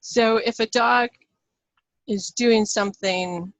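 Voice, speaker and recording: A woman's voice: a little high, fairly even intonation, slow pace, no echo. A woman hosting a radio interview, chatty and friendly, who laughs often. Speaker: radio show host.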